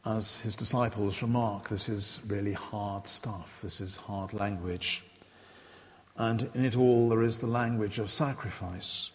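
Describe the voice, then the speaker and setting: A man giving a sermon, retelling and quoting scripture in a measured, reflective way. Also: lowish voice, fairly even intonation, big-room sound. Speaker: preacher.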